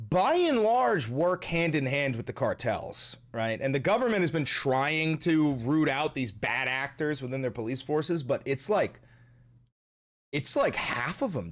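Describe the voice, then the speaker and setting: A man hosting a livestream, ranting loudly and profanely in casual reaction commentary. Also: medium pitch, a little slow. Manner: loud, animated, profane ranting. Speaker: livestream host.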